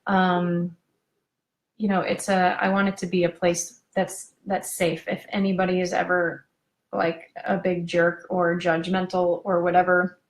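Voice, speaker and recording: Woman coach, live casual chat, gravelly voice in an echoey room. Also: on the low side, completely flat delivery, unhurried. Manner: chatty and gushing, wanders off on tangents. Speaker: parenting coach hosting a live video talk.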